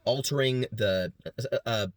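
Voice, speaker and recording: Speaking at medium pitch over a dry recording, a male student gives a relaxed, fast-paced class presentation. He describes various vocal sounds and performs each one as a beatbox demo in between sentences.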